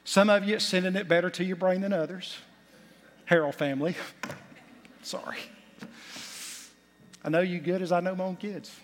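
A man's voice: high voice, steady tone, moderate pace, long pauses. A man preaching a sermon as pastor, building to emphatic points with folksy asides. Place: church sanctuary. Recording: long hall reverb.

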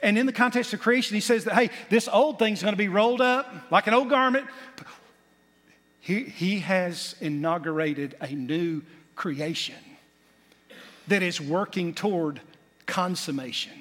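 A pastor, a man, preaches in a high voice, pressing his points with rising emphasis and folksy asides. His words ring out with a long reverb across a church sanctuary. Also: unhurried, fairly bright tone. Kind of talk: sermon.

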